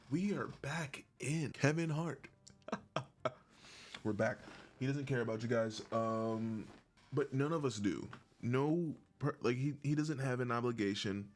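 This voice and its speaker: A man talking to camera in a casual vlog, rambling and jokey, swearing freely and breaking into laughs. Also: mid-range voice. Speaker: YouTuber.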